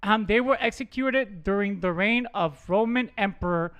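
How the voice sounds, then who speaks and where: Bright-voiced man joking through a reading. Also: high-pitched, moderate pace, clear, resonant tone. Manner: jokey, stumbles over words while reading. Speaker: podcast host. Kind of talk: casual podcast chat, reading aloud.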